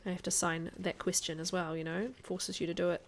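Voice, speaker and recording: A woman's voice: fairly low pitch, little pitch movement, brisk, a little hiss or hum. A woman streaming a video game, chatting casually with her viewers, answering their comments and laughing often. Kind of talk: casual live-stream chat while playing.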